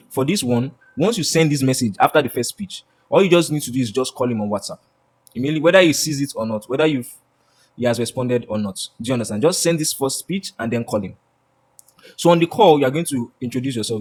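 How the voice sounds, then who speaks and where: A man's voice: mid-range voice, a little mellow, husky. A man teaching a sales lesson, often asking "do you understand?" and acting out sample lines. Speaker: sales course instructor.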